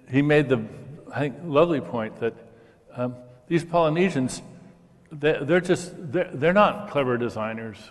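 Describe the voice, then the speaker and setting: An older man with a mid-range voice explains with eager enthusiasm, repeating words as he restarts his sentences. His voice carries a long reverb, as if recorded in a large hall. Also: medium pitch. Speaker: discussion guest. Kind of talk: conversational scholarly discussion.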